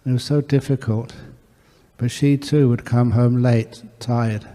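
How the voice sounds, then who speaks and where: A Buddhist monk giving an earnest storytelling talk, answering questions from a meditation audience. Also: male voice, mid-range voice, fairly even intonation, unhurried, dark tone. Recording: echoey hall.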